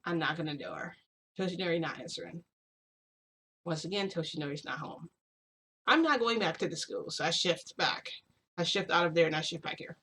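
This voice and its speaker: A woman's voice: lowish voice, moderate pace, long pauses, a bit bright, slight background noise. Young woman vlogger, chatty storyteller, rambling and filler-heavy. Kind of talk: casual storytelling to viewers.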